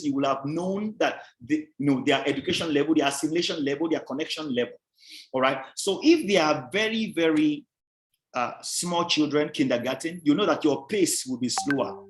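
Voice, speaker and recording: A man teaching a presentation skills class, stressing words hard, repeating key points and quizzing his listeners. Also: on the high side. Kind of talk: revision class lecture. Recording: roomy echoey sound.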